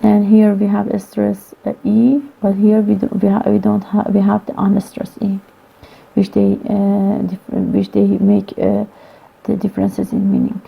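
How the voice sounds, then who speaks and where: Woman lecturing haltingly over a tinny line. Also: mid-range voice, completely flat delivery, vocal fry, breathy edge. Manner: halting, many "uh" pauses, non-native grammar. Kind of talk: recorded phonology lecture. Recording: tinny phone-like lo-fi recording.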